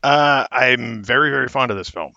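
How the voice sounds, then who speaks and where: A man guesting on a film podcast, his voice gravelly with a bright, forceful edge. He talks quickly and eagerly, with a few hesitations. The recording is dry. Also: medium pitch, dry recording, dull audio. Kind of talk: casual film discussion.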